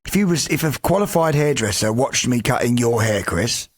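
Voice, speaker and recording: A man's voice: mid-range voice, animated, moderate pace, husky. A man co-hosting a podcast, talking earnestly in casual chat with stumbling restarts and the odd swear word. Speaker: podcast co-host.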